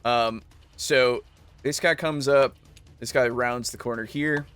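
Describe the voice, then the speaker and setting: A man narrating a tabletop role-playing game as game master, slow and halting with many pauses and fillers. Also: mid-range voice, steady tone, fairly bright tone, clear, resonant tone, soft background music.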